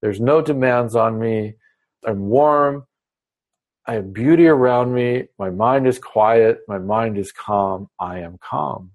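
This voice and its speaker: A man doing a serene, softly spoken water pot. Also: medium pitch. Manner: soft, slow and serene. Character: contented calm water pot, peaceful.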